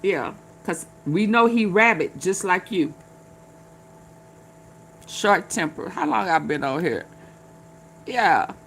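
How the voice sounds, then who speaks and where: A woman's voice: on the low side, expressive, slow pace, creaky, long pauses, fairly bright tone, a little hiss or hum. A woman hosting a livestream, chatting casually with her viewers, drawling, laughing and swearing as she reacts. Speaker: livestream host. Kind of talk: casual commentary to live chat.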